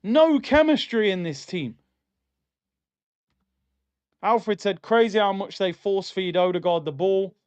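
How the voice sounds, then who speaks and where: A man's voice: sits high, lively intonation, slow pace, pauses often, a little mellow, clean tone. A young adult man hosting a live football watchalong stream, reacting to the match and reading out chat messages in an exasperated, slangy rant.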